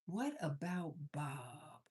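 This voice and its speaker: A woman with a low, husky voice hosts a laid-back cooking livestream, speaking extremely slowly. She tells stories animatedly and addresses her viewers as "you guys."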